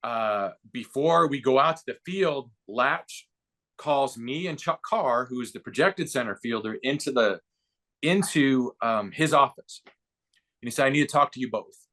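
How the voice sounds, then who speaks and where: This guest, a former ballplayer turned broadcaster in his fifties, unwinds a lengthy anecdote at a measured pace in easygoing interview talk. His pitch is ordinary and mid-range but rises with his excitement, and he puts on the voices of those he's quoting.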